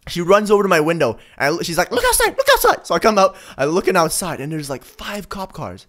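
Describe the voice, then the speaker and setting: A man hosting a game video, chatting casually and protesting excitably over voice chat at home. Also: fairly high pitch, fast talker. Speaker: gaming channel host.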